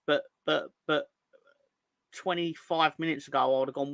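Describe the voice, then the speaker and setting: Man host, rather high, gravelly and sharp. Joking, rambling read-through of viewer comments, dry close sound. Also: steady tone, normal speed, no echo. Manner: jokey and rambling, stumbles and restarts, puts on silly voices for comments. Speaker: host of a football fan show. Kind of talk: casual livestream chat, reading viewer comments.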